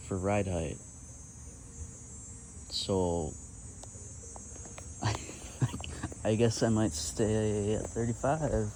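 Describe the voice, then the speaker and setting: Working on his car in his home garage and driveway outdoors, a car restoration vlogger with a Midwestern accent talks casually, thinking aloud with dry, self-deprecating humor. His voice is lowish and dark in tone, and the low-quality recording has a little hiss or hum.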